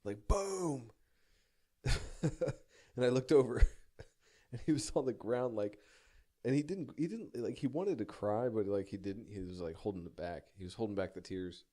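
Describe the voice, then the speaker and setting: A man's voice: on the low side, moderate pace, mellow. A young man telling a personal story in a rambling, self-deprecating way, swearing casually and stumbling through many restarts.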